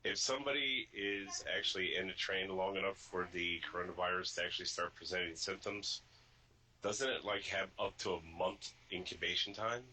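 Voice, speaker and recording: A man with a very low voice and a sharp, forceful tone. He is a trucker who sits in on a casual podcast chat and reasons through his points deliberately. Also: slight background noise, rough recording. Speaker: truck driver and podcast regular.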